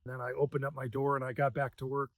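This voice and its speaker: A man's voice: mid-range voice, flat delivery, quick pace, no echo. Earnest man recalling a moving moment. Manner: earnest, emotional, soft-spoken at times. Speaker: news sales manager. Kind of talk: personal reflection.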